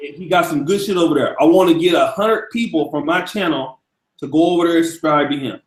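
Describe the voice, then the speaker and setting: A man's voice: a little high, fairly quick, roomy sound, low-quality recording. A man hosting a live stream in a loose, profane, casual way, hyping up his audience. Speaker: livestream host.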